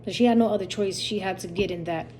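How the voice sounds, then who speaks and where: On her own channel, a woman recounts a dream in a loose, repetitive, rambling way, quoting plenty of dialogue. Her voice is medium-pitched and darkish, she speaks fast, and there's a faint hiss or hum behind her.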